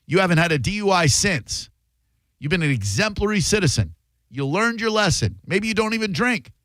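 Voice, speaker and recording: A man's voice: high voice, sing-song, a little fast, fairly bright tone, no room sound. A man hosting a radio talk show, chatting in a joking, conversational way and taking calls. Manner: joking, conversational, reads aloud from phone. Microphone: studio microphone.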